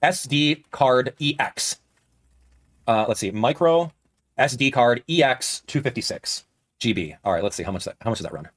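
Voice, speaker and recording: A man in his thirties doing live-stream commentary, animated and repeating his phrases for emphasis. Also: mid-range voice, normal speed. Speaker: streamer reacting with chat.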